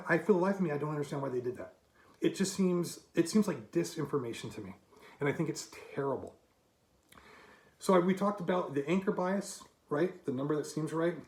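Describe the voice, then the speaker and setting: A man's voice: on the high side, reverberant. A man in his fifties giving an emphatic, argumentative monologue to camera with rhetorical asides. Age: 50s. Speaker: commentator.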